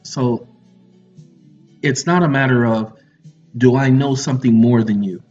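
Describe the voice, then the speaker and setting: Speaking unhurriedly in a steady, medium-pitched voice with a slightly mellow quality, a man gives an online lecture. His manner is preachy and confrontational with teasing asides, and the recording is muffled with faint music.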